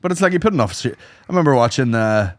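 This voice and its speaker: Give me a man telling loose, profane stories on a comedy podcast, with an expressive, up-and-down delivery. His voice is mid-pitched and recorded dry and close, with no room sound. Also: fast talker, no room sound. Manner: rambling, profane storytelling. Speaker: podcast co-host. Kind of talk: casual comedic chat.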